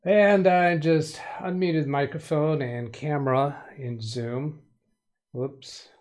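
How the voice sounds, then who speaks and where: A man's voice: a little high, fairly even intonation, slow, a little mellow. Man, live stream host, chatty, greets viewers by name, playful puns, home studio. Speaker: livestream tech help host. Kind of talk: casual live stream chat.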